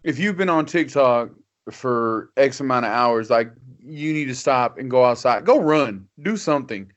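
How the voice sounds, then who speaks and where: A man co-hosting a casual podcast, telling stories in an animated way. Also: medium pitch, normal speed, muffled recording. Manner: animated storytelling, laughing. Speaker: podcast co-host.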